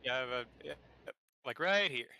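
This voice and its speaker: A man's voice: mid-range voice, animated, moderate pace, creaky, pushed and bright, clean tone. A man playing a tabletop game online, talking through plans and questions with the group. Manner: planning, then hammy put-on Irish brogue. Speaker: player. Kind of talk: tabletop game chat over voice call.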